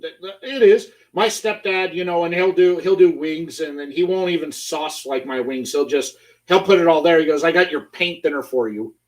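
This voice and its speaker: A man's voice: on the high side, normal speed, a little mellow, recorded from a distance, rough recording. Chatty male host, a bit off-mic. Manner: chatty, playful storyteller. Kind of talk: casual chat.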